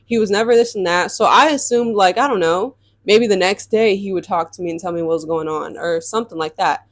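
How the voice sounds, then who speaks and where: A young woman telling viewers a storytime about her dating life in a chatty, animated way. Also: medium pitch, a little fast, no echo. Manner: chatty, addresses viewers as y'all, animated retelling. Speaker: storytime vlogger. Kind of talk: casual storytime vlog.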